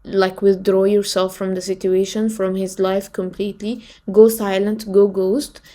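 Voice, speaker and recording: A woman comments in a firm, preachy tone, driving her points home by repeating them. Her voice is mid-pitched and measured. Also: flat delivery, warm tone. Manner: preachy, emphatic, repeats advice. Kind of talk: advice commentary.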